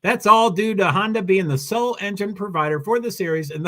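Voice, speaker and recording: A man's voice: high-pitched, fairly quick, hardly any pauses, bright, forceful tone. Rambling New England man hosting a livestream. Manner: rambling, reads comments and news aloud. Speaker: livestream host. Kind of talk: casual livestream chat.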